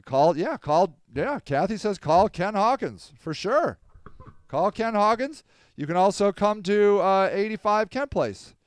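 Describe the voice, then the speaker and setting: Brief: sardonic male podcaster, lively swinging pitch, smooth voice, dry close mic. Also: measured pace, no room sound. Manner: rambling, sardonic, apologetic, swinging from loud to mumbled. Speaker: podcast host. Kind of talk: casual livestream podcast monologue.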